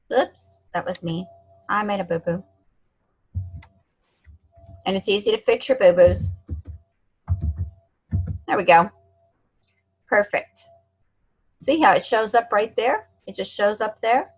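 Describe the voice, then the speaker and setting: A woman's voice: medium pitch, low-quality recording. Chatty woman walking through a screen tutorial. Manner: chatty, encouraging, talks to herself while clicking. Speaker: online marketing instructor. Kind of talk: screen-share software tutorial.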